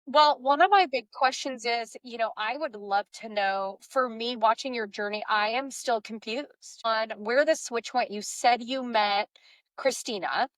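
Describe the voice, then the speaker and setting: Reflective female host in casual chat. Fairly high voice, dry and close. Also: measured pace, a bit bright, no room sound. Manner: reflective, thinks aloud with restarts. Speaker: podcast host.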